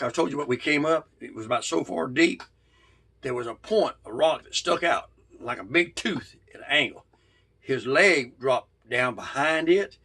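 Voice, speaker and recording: Man, gravelly and husky, bright edge; folksy storyteller who halts and restarts. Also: on the high side. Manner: folksy, halting, many restarts. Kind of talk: casual spoken storytelling.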